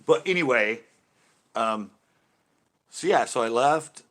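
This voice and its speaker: A man hosting a laid-back video chat from his porch talks to live chat in a mid-range, slightly bright voice. He's animated but slow, rambling through a story with many restarts and self-corrections.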